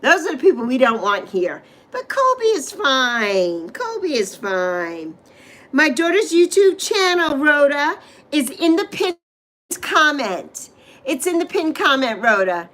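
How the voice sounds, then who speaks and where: A middle-aged woman from the Virgin Islands hosts a casual livestream in a high, light voice. She chats and rambles, wanders off track, and greets viewers by name. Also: expressive, moderate pace, a bit bright, rough recording. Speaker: livestream host.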